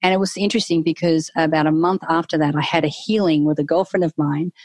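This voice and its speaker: A woman's voice: sits low, fairly even intonation, quick pace, a little mellow, dry recording. A middle-aged woman, a guest telling a candid personal story in a casual interview and acting out her own inner voice.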